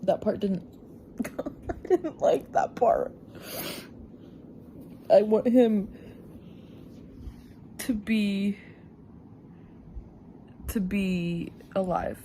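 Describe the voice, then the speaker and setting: Unhurried young woman gushing over a book. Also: warm tone, a little hiss or hum. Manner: thinking aloud, reacting to a book with giggles, gasps and sudden high exclamations. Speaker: book vlogger. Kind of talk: casual reading vlog.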